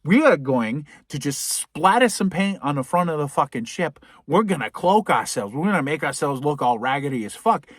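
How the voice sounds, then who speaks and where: A man's voice: fairly high pitch, sing-song, normal speed, hardly any pauses, dry recording, studio quality. A man playing a fed-up, determined male spaceship captain who lays out plans bluntly and with lots of swearing, in a comedic movie retelling. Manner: blunt, profane plan-making.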